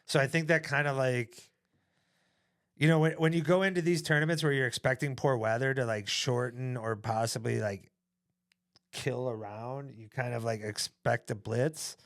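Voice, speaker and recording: A young man co-hosting a casual podcast, rambling through his points with plenty of fillers and some teasing. His voice has a gravelly, creaky fry at an average pitch. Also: steady tone, normal speed. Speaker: podcast co-host.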